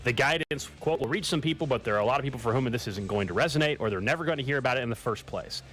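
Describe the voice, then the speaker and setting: A mid-pitched man co-hosting sports radio, steady as he moves the show along. Faint music plays beneath him. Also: rapid-fire. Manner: steady, leads segments. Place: radio studio.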